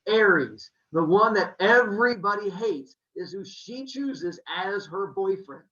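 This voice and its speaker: A man casually retelling Greek myths in a jokey, animated way, pointing out posters in an indoor room. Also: sits high, slow. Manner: animated, jokey, uses 'like' for quotes. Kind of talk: casual comic myth retelling. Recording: echoey dull room sound.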